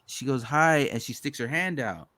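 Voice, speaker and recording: A man's voice: medium pitch, sing-song, a little fast, a bit bright, dry recording. A man hosting a podcast, telling stories in casual chat, swearing freely and acting out other people's lines. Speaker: podcast host.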